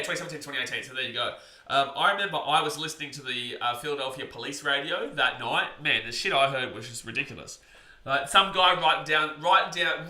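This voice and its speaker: A man giving live play-by-play reactions on a stream, chatting with viewers and shouting over big plays. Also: a little high, roomy sound.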